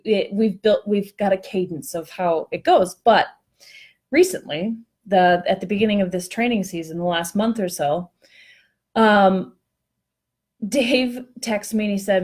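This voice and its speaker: A woman telling a story in a chatty, animated way, poking fun at herself. She speaks at a middle pitch, on what sounds like an online call. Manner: chatty, animated, self-mocking. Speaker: co-host discussing workplace culture. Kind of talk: casual conversational storytelling.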